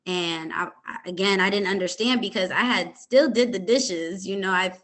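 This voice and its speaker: A young adult woman, a podcast host, calmly retelling a personal story with hesitant pauses and many fillers. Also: medium pitch.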